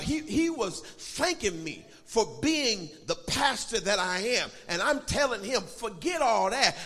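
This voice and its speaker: Preaching pastor with lively, swelling delivery. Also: male voice, sits high, unhurried, hardly any pauses, long reverb tail. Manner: preaching with call-and-response, sing-song shouting swells. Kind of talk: sermon and prayer. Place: church sanctuary.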